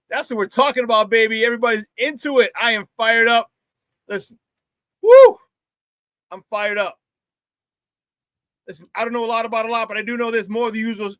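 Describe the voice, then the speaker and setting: A man hosting a live morning sports talk show, loud and playful, hyping up his audience with shout-outs. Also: high voice, dry recording.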